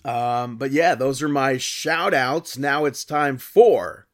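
A man co-hosting a podcast in a relaxed, chatty way, often laughing. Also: mid-range voice, slow pace, soft background music. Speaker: podcast co-host. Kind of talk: casual chat.

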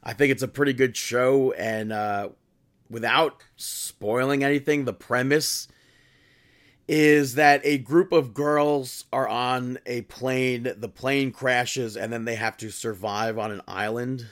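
A man co-hosting a podcast in a relaxed, chatty way, often laughing. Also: mid-range voice, slow. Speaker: podcast co-host. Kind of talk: casual chat.

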